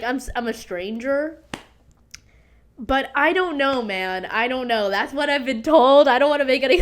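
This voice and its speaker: A young woman hosting a podcast, chatting through a story in a dramatic, gossipy way, full of "like", swearing and bursts of laughter. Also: on the high side. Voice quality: animated, breaks into laughter and squeals. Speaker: podcast host. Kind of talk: casual storytelling chat.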